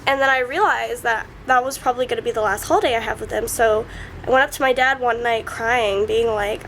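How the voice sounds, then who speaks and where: A woman's voice: fairly high pitch, brisk, a bit bright, a little hiss or hum. A young woman tearfully recounting family hurt in a personal vlog, breaking into sobs and leaning on "like" often. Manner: many fillers like "like". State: crying. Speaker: vlogger.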